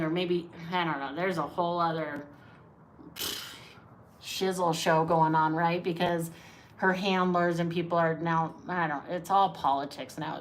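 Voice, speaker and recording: A woman who teaches acting talks straight to her viewers in a loose, chatty vlog. She leans on her points with emphasis and keeps checking in with a quick "right?". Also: fairly low pitch, a bit bright. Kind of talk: casual talking-to-camera vlog.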